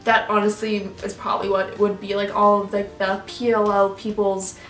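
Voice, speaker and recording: A woman's voice: medium pitch, flat delivery, moderate pace, recorded from a distance. A young woman YouTuber rambling through a casual reaction rant, full of "like" and restarts. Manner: rambling, filler-heavy, lots of "like". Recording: echoey room, off-mic, faint music.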